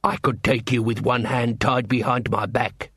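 A man voicing a huge slow-witted male troll who speaks in broken grammar. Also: medium pitch, steady tone, a bit bright, husky, dry recording, clean studio sound. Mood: threatening.

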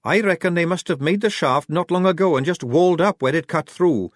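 A man's voice: on the high side, brisk, no echo, studio quality, voice pushed up, lightly acted. A man voicing a blunt, tough young woman soldier who speaks brashly.

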